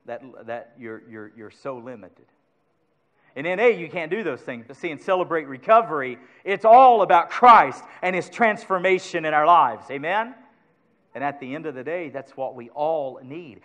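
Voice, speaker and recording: A pastor preaching a sermon to his congregation, swinging from loud urgency to hushed asides and asking them for agreement. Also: a little high.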